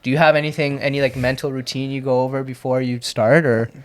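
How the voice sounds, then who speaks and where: A man's voice: medium pitch, little pitch movement, fast. A young man from Canada hosting a podcast, chatting casually in a loose, profane, rambling way with many restarts. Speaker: podcast host and comedian. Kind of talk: casual chat.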